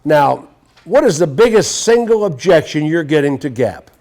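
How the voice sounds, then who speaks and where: A man's voice: on the high side, animated, moderate pace, a little mellow. A man teaching a live sales seminar to an audience, brash and profane as he tells stories. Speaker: sales trainer.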